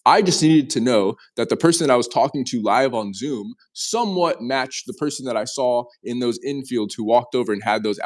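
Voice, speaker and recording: A young man in his twenties spins a story in a casual interview, animated and earnest, voice sitting at an ordinary middle pitch. He trips over his words and restarts sentences as he goes. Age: 20s. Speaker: interview guest.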